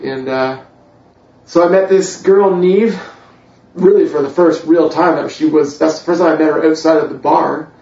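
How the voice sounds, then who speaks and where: A man's voice: a little high, darkish tone. A man from Canada, a church worship director, telling his faith story with humor, self-deprecating and full of fillers. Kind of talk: personal faith testimony. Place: church hall. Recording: echoey room, distant, dull mic.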